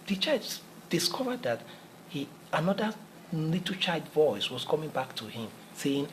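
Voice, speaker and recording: A man's voice: fairly high pitch, sing-song, unhurried, fairly bright tone, a little hiss or hum, low-quality recording. A man giving a motivational talk in an earnest, repetitive, preacherly manner, often restarting his phrases. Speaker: motivational speaker.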